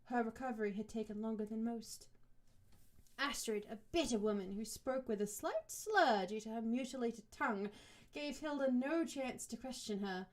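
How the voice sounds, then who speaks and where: Besetzung: junge Frau, hohe Stimme, sarkastische Vorleserin mit Kommentaren. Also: female voice, a little high, expressive. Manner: sarcastic, quick asides, swears. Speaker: podcast co-host and reader. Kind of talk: book reading with comic commentary.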